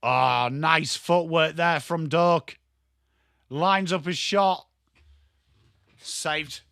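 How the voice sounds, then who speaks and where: A man's voice: fairly high pitch, drawn-out words, creaky, a bit bright, dry recording, studio quality. A man with an English accent giving live, chatty and jokey football watchalong commentary, greeting viewers by name. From England. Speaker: watchalong streamer.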